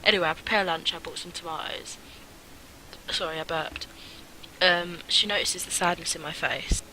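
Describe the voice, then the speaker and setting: A woman's voice: lowish voice, fairly even intonation, moderate pace, background noise. A young woman chatting casually as she plays a visual novel and reads its text aloud, rambling with lots of fillers. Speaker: gaming video host. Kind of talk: casual let's-play commentary, reading game text aloud.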